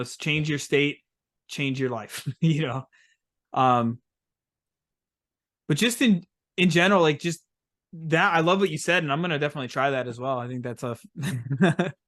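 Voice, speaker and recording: Relaxed, rambling male podcast guest. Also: medium pitch. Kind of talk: casual interview chat.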